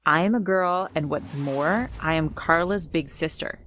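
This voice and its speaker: A woman's voice: deep voice, unhurried, fairly bright tone, slight background noise. A woman voicing a bold protective big sister. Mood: firm. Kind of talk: storytime narration.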